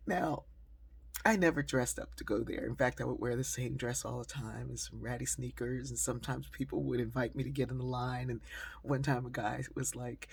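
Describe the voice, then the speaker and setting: A woman's voice: rumbling low, moderate pace, vocal fry, husky. A woman telling a personal story in a conversational style, with frequent fillers. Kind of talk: storytelling monologue.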